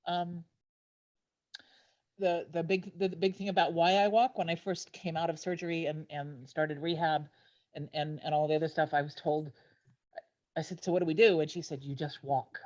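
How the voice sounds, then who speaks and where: Tearful woman in her fifties, lowish voice. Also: level tone, a little mellow. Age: 50s. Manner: halting, with many restarts. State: tearful, emotional. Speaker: walk team captain. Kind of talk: personal testimony on a video call. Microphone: video call.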